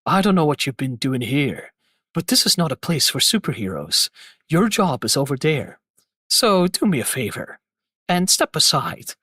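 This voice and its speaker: A man's voice: fairly high pitch, sing-song, normal speed, pushed and bright, breathy edge, no echo, studio quality, pitched below the performer's own voice, heavily acted. A man voicing a sneering male villain who mocks and belittles a rookie hero. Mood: taunting. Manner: taunting, condescending.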